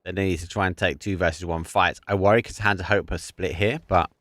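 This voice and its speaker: A man giving live play-by-play commentary on an esports match, excitable and prone to bursting into shouts and laughter at big plays. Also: sits low, brisk, no room sound, studio quality. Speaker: esports caster.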